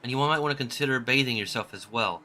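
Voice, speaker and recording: A man's voice: mid-range voice, quick pace, sharp tone, faint music behind, close to an everyday voice. A man reading a dry teasing armored woman.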